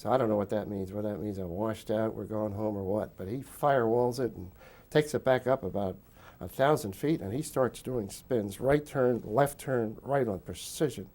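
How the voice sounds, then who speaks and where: A man's voice: lowish voice, moderate pace, hardly any pauses, a little mellow. An older man in an interview, recounting wartime memories as a rambling storyteller who chuckles often between fillers.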